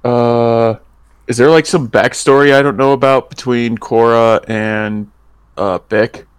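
A man's voice: mid-range voice, fairly even intonation, a little slow, clean tone, no echo. A man playing a tabletop game, talking casually and easily rattled. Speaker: player.

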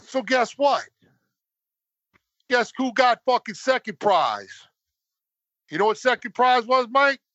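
A man telling a story in casual chat, swearing constantly and getting animated as he goes. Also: slow, pauses often, dry recording. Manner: animated, voice climbs high when worked up. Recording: dull lo-fi dry sound.

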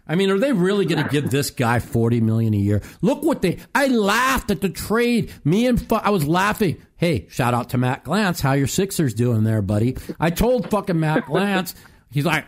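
A man's voice: fairly high pitch, very animated, normal speed. A man hosting a call-in talk show, ranting profanely and animatedly about sports. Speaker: host.

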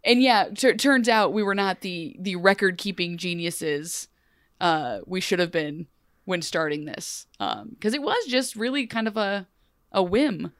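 A young woman co-hosting a podcast in a loose, animated, rambling way, often breaking into laughter. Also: mid-range voice, measured pace, no echo, studio quality. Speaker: podcast co-host. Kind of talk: casual podcast chat.

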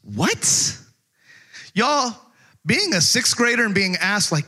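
Bright-voiced joking preacher man. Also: sits high, big pitch swings, slow, breathy edge. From Texas. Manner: joking, conversational preaching with rhetorical questions. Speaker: pastor. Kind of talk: sermon.

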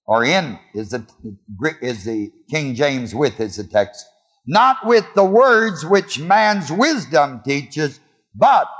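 Male preacher, lively pitch, slow deliberate delivery, call-and-response questions, echoing church hall. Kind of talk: sermon. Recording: long hall reverb.

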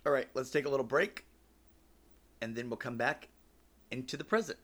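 A man in his forties hosts a podcast and tells personal stories in a relaxed, joking manner. His voice sits at a middle pitch, and he swears now and then. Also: moderate pace. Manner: casual, joking, swears freely. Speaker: podcast host.

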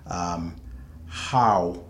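Slow, low-voiced hesitant man. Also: slight background noise. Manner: hesitant, many fillers and restarts. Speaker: interview guest, grieving father. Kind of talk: halting conversational speech.

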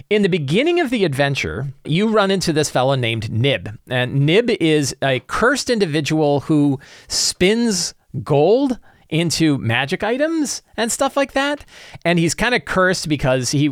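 A man casually sharing advice as a tabletop game master, animated and acting out his players' reactions. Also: a little high, no room sound, clean studio sound. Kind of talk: casual tips talk.

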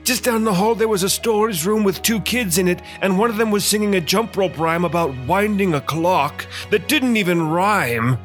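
A man taking part as a player in a tabletop game, talking in an animated, joking way. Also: sits high, moderate pace, few pauses, faint music behind.

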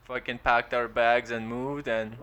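A man's voice: medium pitch, little pitch movement, measured pace, bright, forceful tone, smooth. A young man from Ukraine, a stand-up comic chatting casually as a podcast guest, joking, laughing often and rambling loosely. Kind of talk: casual chat.

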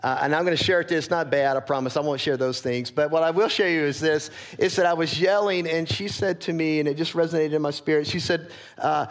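A man preaching a sermon as pastor, earnest and candid, often checking in with his listeners and growing soft and quiet when he gets personal. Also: a little high, steady tone, brisk, hardly any pauses. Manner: earnest, candid, asks the congregation for agreement.

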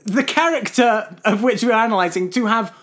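A man's voice: high voice, normal speed, fairly bright tone. A man co-hosting a comedy podcast, blunt and pushy, who swears casually. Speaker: podcast co-host.

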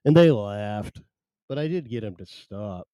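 A man's voice: lowish voice, animated, unhurried, dark tone, clean tone, dry recording. A man hosting a solo live stream, chatting in a rambling, wry, self-deprecating way.

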